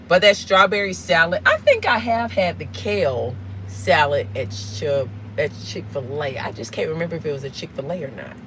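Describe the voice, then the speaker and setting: A rambling woman chats away to her viewers from behind the wheel. Steady road noise hums under her voice, picked up by a phone inside the car. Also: fairly low pitch, normal speed, hardly any pauses, low-quality recording. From Southern United States. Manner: rambling, chatty, asks viewers questions. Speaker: live-streaming vlogger. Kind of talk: casual chat while driving.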